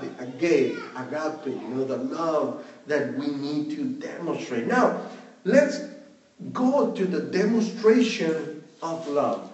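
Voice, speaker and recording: A pastor delivers a sermon in a slow, measured way, often leaning on "you know." His voice sits a bit high for a man. He is heard from some distance in an echoey room. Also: darkish tone. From Mexico.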